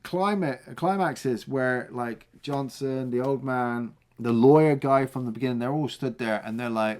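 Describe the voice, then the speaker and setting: A man's voice: mid-range voice, unhurried, hardly any pauses, a little mellow. A man, co-hosting a film review podcast in a casual, enthusiastic chat. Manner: enthusiastic, hums tunes and acts out lines.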